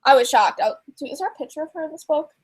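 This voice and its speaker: A young woman with a high, slightly mellow voice co-hosts a casual livestream chat about books and TV. She talks quickly and animatedly, gushing and chatty, with lots of filler words and frequent laughter.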